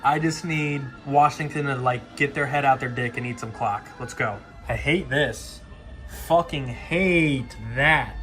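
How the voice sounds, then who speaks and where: A young man reacts live to a fantasy football game, cursing as he drops into mutters and then erupts. His voice is medium-pitched and fairly bright.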